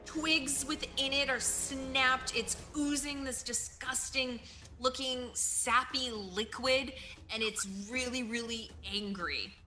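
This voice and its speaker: A woman's voice: high voice, fairly even intonation, takes it slowly, bright, forceful tone, faint music behind. A woman narrating as game master of a tabletop game, telling the action vividly with frequent giggles.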